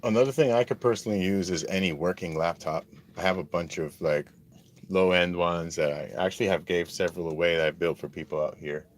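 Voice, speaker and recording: A man with an extremely low voice talks loosely to his viewers, full of "like" and "um." He is outdoors, and steady background noise comes through the recording. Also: brisk. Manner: rambling, filler-heavy talk. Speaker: vlogger livestreaming from a desert camp. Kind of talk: casual livestream chat. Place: outdoors at a desert skate park camp.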